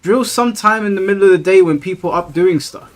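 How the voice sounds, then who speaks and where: A man's voice: high voice, fast talker. A young man, chatting casually and ranting with plenty of swearing on his live stream, exasperated.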